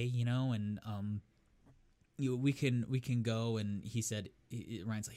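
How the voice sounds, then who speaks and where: A man's voice: fairly low pitch, moderate pace, darkish tone. A man co-hosting a casual podcast, telling a film's plot in a rambling, profane way. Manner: rambling storytelling, profane, laughing at own jokes. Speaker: podcast co-host. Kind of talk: casual chat.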